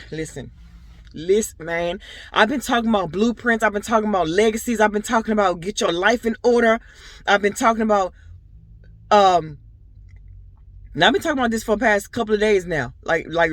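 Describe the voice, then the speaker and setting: A woman's voice: mid-range voice, no room sound. A young adult woman talking straight to her viewers in a casual vlog, telling stories in an earnest, rambling way full of fillers. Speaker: vlogger and boutique owner. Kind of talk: casual personal vlog talk.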